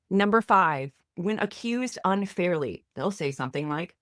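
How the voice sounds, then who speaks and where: A woman's voice: fairly low pitch, lively intonation, measured pace, hardly any pauses, no echo, studio quality. A woman therapist and coach teaching to camera from a faith-based angle, in a direct, encouraging, plain-spoken way.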